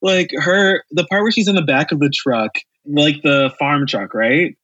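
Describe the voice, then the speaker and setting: Man, husky voice, slightly high, animated casual chat, dry dull sound. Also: unhurried, no room sound. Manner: animated, laughs often, campy asides. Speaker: returning podcast guest.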